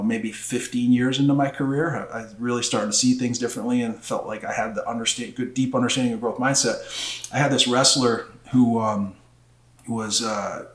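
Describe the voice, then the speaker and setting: A middle-aged man, a former wrestling coach, telling a story in casual podcast conversation and acting out quotes with a rising voice. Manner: animated storyteller, acts out quotes with rising pitch. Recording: roomy echo.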